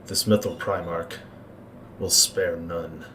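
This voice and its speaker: A man voicing a scheming male court Maester who speaks in a grave, measured, ominous way. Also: low voice, fairly even intonation, distant mic, noisy background. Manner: measured, ominous, deliberate pauses.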